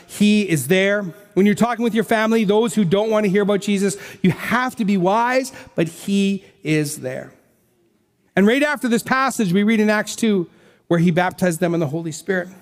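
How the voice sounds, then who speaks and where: A man's voice: sits high, normal speed. A man preaching as pastor, emphatic and exhorting, speaking straight to his congregation and leading a closing prayer. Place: church service. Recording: reverberant church hall with faint worship music.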